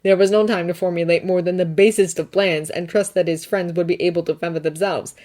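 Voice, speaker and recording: A woman reading fan fiction aloud in steady, even audiobook narration. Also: fairly low pitch, brisk. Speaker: fanfiction narrator.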